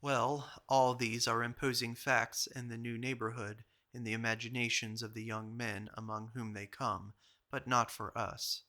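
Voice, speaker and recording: A man giving a measured audiobook reading of an old journal. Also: medium pitch, little pitch movement, pushed and bright. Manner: measured, literary delivery. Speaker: reader.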